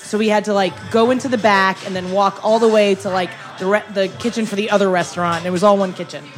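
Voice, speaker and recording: Young female host, casual storyteller, acts out the other people in the story, mid pitch, soft music bed. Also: fast talker. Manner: animated storyteller, acts out customers' lines. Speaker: podcast host, former waitress.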